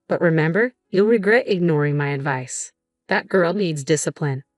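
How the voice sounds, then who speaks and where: A woman's voice: low voice, animated, moderate pace, no echo, clean studio sound, faint music behind. Woman reading as a sneering stern grandmother. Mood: scornful. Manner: sneering, condescending. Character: stern older mother-in-law, scornful.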